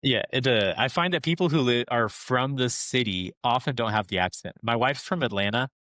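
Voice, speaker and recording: A man's voice: mid-range voice, moderate pace, sharp tone, no room sound, studio quality. A man hosting a podcast interview. He asks questions in a friendly, conversational way and laughs easily. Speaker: podcast host.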